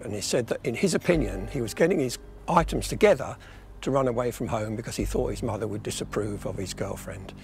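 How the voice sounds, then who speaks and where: A man, a former police officer, recounting what he was told in an interview, deliberate and clear. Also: medium pitch, lively intonation, a little mellow, slight background noise.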